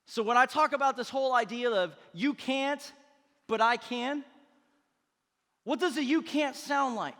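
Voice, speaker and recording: A man preaching a sermon as pastor, energetic and conversational, with playful asides to his congregation. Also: extremely high pitch, a little slow, long pauses, in a large hall. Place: church auditorium.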